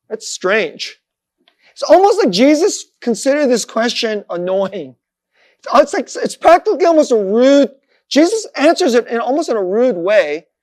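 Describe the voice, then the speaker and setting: Conversational man preaching a sermon. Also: high voice. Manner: conversational, self-deprecating, chuckles often. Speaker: pastor.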